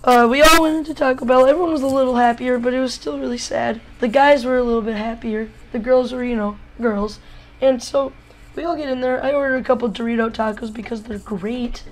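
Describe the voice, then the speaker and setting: A boy in his early teens from Wisconsin tells a storytime vlog in a slightly hoarse voice. He jokes and rambles, filling his talk with "like.". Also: very high-pitched, steady tone, brisk, slight background noise, poor audio. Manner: jokey, rambling, lots of "like" fillers. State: a little hoarse. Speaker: vlogger.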